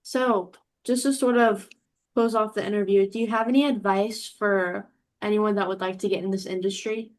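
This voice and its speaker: A woman's voice: medium pitch, steady tone, moderate pace. A woman conducting her first interview, asking questions and reacting eagerly. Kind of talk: casual interview.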